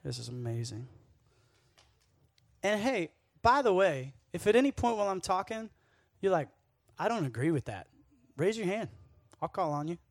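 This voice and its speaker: A young man preaching a casual youth sermon, energetic and jokey, telling stories with asides to the crowd. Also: high-pitched, moderate pace, no room sound, clean studio sound. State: sweating, worked up. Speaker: speaker at a youth camp.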